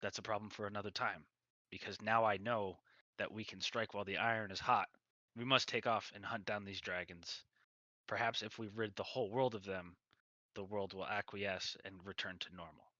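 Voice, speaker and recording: A man's voice: lowish voice, steady tone, normal speed, bright, forceful tone, no echo, highs cut off. A man voicing a zealous male knight who is eager to hunt down dragons, speaking in a fervent, pushy way.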